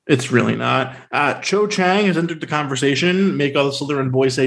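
A man co-hosting a podcast in casual film talk, sarcastic and animated, with many fillers. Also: medium pitch, brisk, vocal fry, few pauses. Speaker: podcast co-host.

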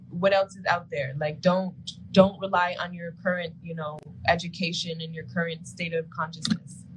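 A woman's voice: lowish voice, background noise. A woman co-hosting a casual live-stream show and breaking down astrology, talking loosely with lots of "like" and often laughing. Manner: chatty, uses "like" a lot, laughs often. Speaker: co-host.

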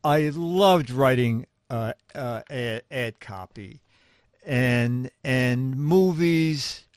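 Older man telling lively anecdotes. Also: mid-range voice, drawn-out words, smooth, no echo, studio quality. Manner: animated, acts out the people in his stories. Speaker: interview guest, magazine humor writer. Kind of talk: anecdotal storytelling in conversation.

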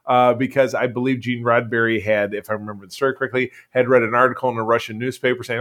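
A man's voice: mid-range voice, fairly even intonation, fast, hardly any pauses, fairly bright tone. A man co-hosting a casual podcast, recapping episodes in a chatty, joking way. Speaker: podcast co-host. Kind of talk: casual chat.

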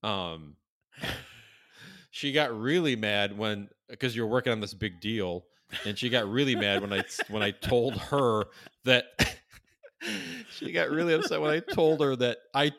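A man with a bright, forward voice tells a story in loose, casual chat. He rambles, swears freely and circles back on himself with fillers and restarts. His pitch sits in an ordinary middle range. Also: measured pace.

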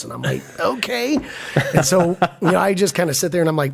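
Middle-aged guy telling stories on a podcast, super lively, gravelly kinda husky voice. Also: fairly high pitch, fast. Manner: animated, acts out voices in stories. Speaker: podcast guest. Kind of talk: casual storytelling.

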